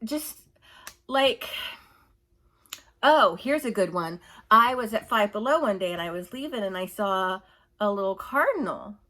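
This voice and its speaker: A woman's voice: medium pitch, expressive, measured pace, long pauses, bright, forceful tone. A woman ranting in a casual opinion monologue, rambling and exasperated, mocking others with whiny put-on voices. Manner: rambling, exasperated, laughs while telling stories. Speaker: vlogger.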